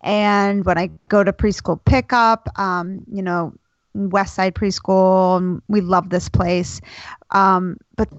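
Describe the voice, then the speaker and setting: A woman co-hosting a casual podcast chat, talking in a relaxed way with plenty of fillers. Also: medium pitch, slow, no room sound. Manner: chatty, laid-back storytelling with fillers. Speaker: podcast co-host. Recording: slightly dull lo-fi sound.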